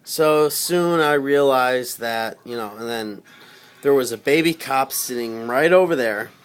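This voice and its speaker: A man telling a personal story in casual, rambling speech, swearing freely and getting loud when he quotes himself. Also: medium pitch, a little slow, smooth. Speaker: storyteller recounting a personal experience.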